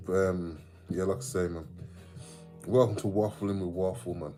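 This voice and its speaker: A man from the English Midlands hosts a late-night livestream in a deep, low voice. He rambles casually, swears a lot and answers chat comments as they come in. Faint music plays underneath. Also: steady tone, moderate pace, mellow. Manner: chatty and rambling, sweary, laughs often, reads out viewer comments. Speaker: livestream host.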